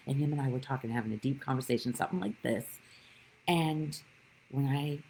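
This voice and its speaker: A woman's voice: rumbling low, a little fast, dark tone, a little hiss or hum, poor audio. A woman giving a live-streamed spiritual talk, telling stories with animation and greeting viewers by name. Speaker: spiritual teacher.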